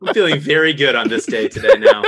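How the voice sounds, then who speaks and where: A man cohosts a podcast and tells stories with real excitement, laughing along the way. His voice is bright and forward. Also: a little high, husky. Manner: excited storytelling, laughs often. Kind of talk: casual chat.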